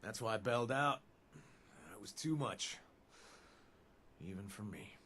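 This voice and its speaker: A man's voice: fairly low pitch, a little slow, sharp tone, a little hiss or hum. An actor playing a chatty reformed male ex-raider in a video game, rambling with self-deprecating asides. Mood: scheming.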